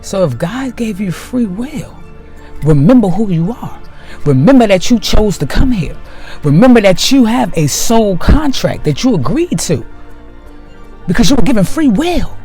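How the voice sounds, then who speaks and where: A man giving a slow, emphatic spiritual monologue to his viewers, repeating key phrases for weight. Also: high-pitched, very animated, dark tone, faint music behind. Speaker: spiritual video host.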